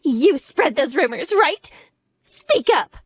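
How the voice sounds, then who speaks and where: A woman's voice: high voice, very animated, slow pace, no echo, full character voice. A woman voicing a jealous mistress in an audio drama, shrieking accusations and close to tears. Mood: furious. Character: shrill jealous mistress, young adult woman, furious.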